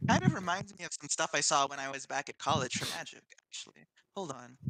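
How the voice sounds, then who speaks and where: Tabletop player, man, very bright and sharp tone, animated pitch. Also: fast talker, no echo. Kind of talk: casual in-character game chat.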